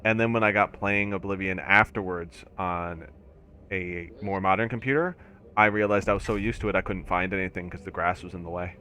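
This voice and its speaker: A man chatting casually with friends while playing an online game, easygoing and quick to laugh. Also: deep voice, fairly even intonation, bright, forceful tone, a little hiss or hum. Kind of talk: casual gaming chat.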